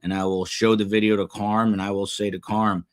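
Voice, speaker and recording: Low-voiced rambling man, halting chat. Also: little pitch movement. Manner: rambling, self-deprecating, halting with fillers. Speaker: livestream host reading chat comments. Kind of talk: casual live commentary.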